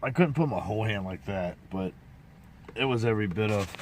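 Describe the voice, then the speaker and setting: A man's voice: fairly low pitch, brisk, darkish tone, slight background noise. A man casually telling a rambling, folksy story to his viewers, full of restarts and asides. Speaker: vlogger.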